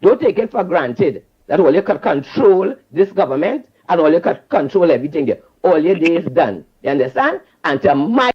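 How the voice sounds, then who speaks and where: A Trinidadian man calls in to a talk radio show and rants in a fiery, preachy way, repeating his points. His voice sits high and swings widely. The phone line sounds a little muffled. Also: breathy edge. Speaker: caller. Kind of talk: call-in radio rant.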